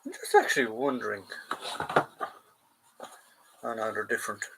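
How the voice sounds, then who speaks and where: An Irish host of a live collectibles stream works through a drawer at home, talking to viewers as lads in casual, rambling chat. His voice sits on the low side and is creaky at a moderate pace, and the low-quality recording has a little hiss or hum.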